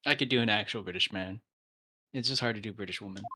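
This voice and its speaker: A woman's voice: very deep voice, animated, a little fast, fairly bright tone, husky. A woman streamer chatting casually and jokily while voicing game dialogue, swearing now and then. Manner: joking, swearing, playful.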